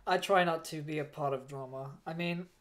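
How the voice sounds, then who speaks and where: A man's voice: on the high side, a little fast, a bit bright. A man chatting casually on a livestream, hot and a little out of it inside a fursuit. He rambles and stammers through restarts, thanking donors in an easygoing way. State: overheated in a fursuit, mentally foggy. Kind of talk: casual livestream chat, reading donations.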